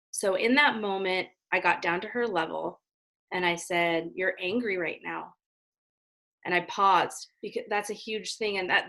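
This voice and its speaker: Brief: woman guest, earnest, long explanations, mid-range pitch, casual interview talk. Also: a bit bright. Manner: earnest, explains at length, often adds "right?". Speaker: parenting guest.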